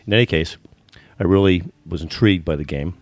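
Speaking fairly quickly in a low voice with no echo, a man in his sixties from the United States tells stories as a guest on a podcast. His work is football business consulting, and his speech is full of repeated words and restarts.

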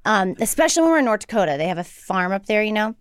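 A woman's voice: medium pitch, sing-song, racing, clean tone, no room sound, studio quality. A middle-aged woman co-hosting a podcast, chatting casually in a blunt, teasing, heavily profane way. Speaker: podcast co-host. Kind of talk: casual chat.

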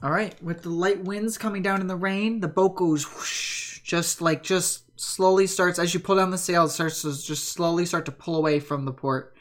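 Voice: medium pitch, steady tone, moderate pace, few pauses, fairly bright tone. A game master narrating a tabletop game in a loose, chatty way.

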